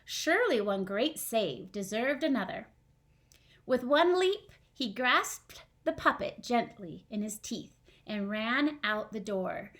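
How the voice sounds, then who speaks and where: A woman's voice: medium pitch, lively intonation, unhurried, a bit bright. A young woman, a first grade teacher at home, reading a storybook aloud and chatting with her class. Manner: chatty, asks the kids questions.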